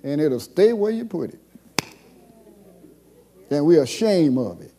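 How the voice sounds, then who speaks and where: A pastor preaches in a high, lively voice that leaps up and down. He moves between quiet, drawn-out passages and sudden shouted calls to the church. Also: slight background noise. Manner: call-and-response preaching, swings from soft to shouting. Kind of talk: sermon.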